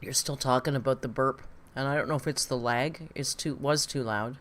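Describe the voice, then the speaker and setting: A woman's voice: a bass voice, normal speed, a bit bright. A woman hosting a casual live-stream reaction, chatty and exclamatory with some swearing. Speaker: livestream reaction host.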